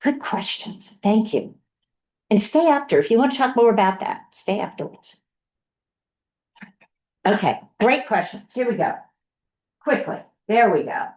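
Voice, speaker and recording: A woman pastor teaching an adult Bible class, chatty and lively, reading scripture aloud with emphasis. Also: fairly high pitch, measured pace, pauses often. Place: church classroom. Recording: roomy, from far off the mic.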